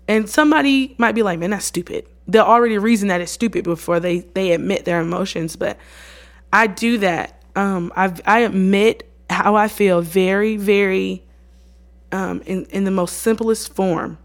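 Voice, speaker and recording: A woman hosting a casual faith podcast, talking in an earnest, conversational way with lots of slang and lively bursts. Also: medium pitch, moderate pace. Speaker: podcast host and worship leader.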